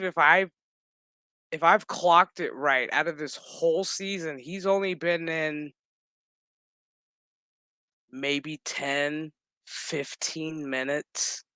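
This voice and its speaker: Recorded with no room sound, this man's voice sits a little high and moves slowly, with frequent pauses. As a show recap host, he casually runs through a TV episode, cursing heavily, ranting in exasperation and animatedly performing the characters' dialogue.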